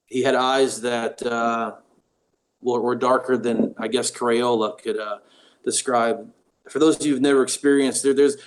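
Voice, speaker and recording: A man, a paranormal investigator, telling a personal story as an interview guest, pausing often with ums and restarts. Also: mid-range voice. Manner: halting, with frequent ums and restarts.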